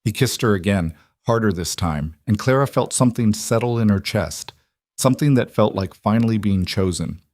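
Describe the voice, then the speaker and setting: A man narrates a western story in an even, scripted manner. His voice sits low, and the recording is dry and close with no room sound. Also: normal speed, no room sound.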